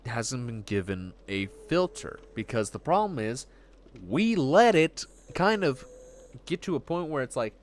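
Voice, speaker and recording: A man hosting a livestream, rambling in casual chat and acting out quick voices when quoting. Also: mid-range voice, big pitch swings, slight background noise. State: getting hiccups. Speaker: livestream host.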